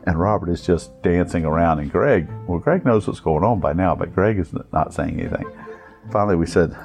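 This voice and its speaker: A middle-aged man tells a personal story with plenty of amusement and animation. His low voice is mellow and warm, with a gravelly edge, and it rises and falls expressively as he acts out the people in the tale. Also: brisk, faint music behind.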